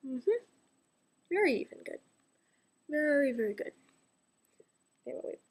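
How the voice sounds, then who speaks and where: A young woman with a high voice talks her way through a makeup tutorial in a loose, rambling way. She keeps breaking off into self-mocking asides and now and then drops to a whisper. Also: animated, a little slow. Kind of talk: casual chatty tutorial.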